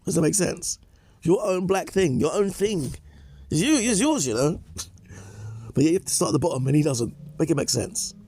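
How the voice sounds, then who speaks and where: A man's voice: on the high side, a little fast, mellow, no echo. A man giving opinion commentary in a lecturing way, restating points and tagging them with "yeah?" and "okay?". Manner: emphatic, restates points for effect.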